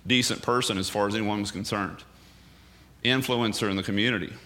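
Bright-voiced man preaching emphatically. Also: lowish voice, fairly even intonation, a little fast. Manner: emphatic, conversational preaching with rhetorical questions. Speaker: pastor. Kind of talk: sermon.

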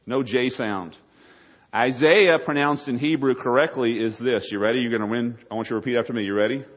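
A man's voice: mid-range voice, fairly quick. A man preaching a sermon, folksy and jokey, talking straight to his listeners and telling stories. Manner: folksy, jokey, talks to the audience. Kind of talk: sermon with storytelling. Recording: dull lo-fi recording.

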